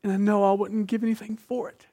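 A man preaching a sermon with emphasis, dropping from loud phrases to hushed whispers and asking the listeners questions like a teacher. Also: high voice, level tone, fast talker.

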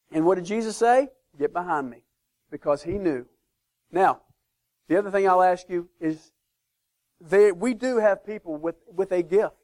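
A man preaching a sermon as pastor of his church, emphatic, swinging between loud declarations and hushed asides. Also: sits high.

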